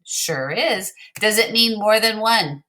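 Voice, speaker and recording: Slow, bright-voiced woman teacher. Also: mid-range voice, lively intonation. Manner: slow, clear, patient instructions to young pupils. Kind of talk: recorded classroom word game lesson.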